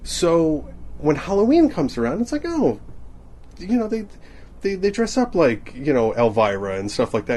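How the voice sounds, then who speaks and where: Speaking at normal speed in a slightly high, sing-song, somewhat mellow voice, a young man delivers a rambling comedy monologue. This comedian podcaster keeps interrupting himself and laughing at his own jokes.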